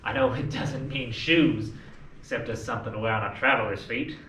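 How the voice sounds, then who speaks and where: A man's voice: mid-range voice, fairly quick, bright, forceful tone, a little hiss or hum, natural voice. A young man acting a restless son desperate to leave home, speaking wistfully and then urgently, recorded from far off in an echoey room. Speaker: student actor. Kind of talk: stage play scene.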